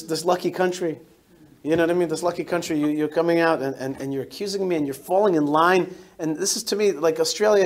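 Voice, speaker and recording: A man in his forties, a rabbi giving a lively storytelling talk to a synagogue congregation, often restarting and repeating words. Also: sits high, slight background noise. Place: synagogue hall.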